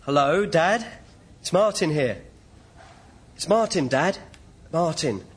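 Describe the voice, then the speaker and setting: A man's voice: on the high side, expressive, slow, husky, heavily acted. An actor playing a flustered, indignant son visiting his father in a comedy sketch.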